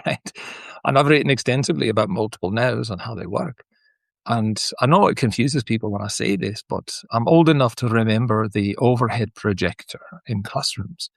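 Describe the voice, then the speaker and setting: A middle-aged Scottish man with a gravelly, mid-range voice, recorded close and dry. He talks in a thoughtful, meandering way, circling back with restarts and asides as he reflects aloud. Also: medium pitch, moderate pace, dry recording. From Scotland. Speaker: teacher sharing personal reflections. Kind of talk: reflective unscripted monologue.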